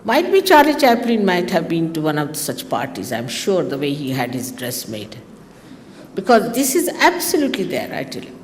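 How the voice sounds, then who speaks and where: Woman, spiritual teacher, low voice, lively and teasing, hall reverb, faint ambience. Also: moderate pace, a little hiss or hum. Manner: lively, teasing, mocking asides. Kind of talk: spiritual talk to followers.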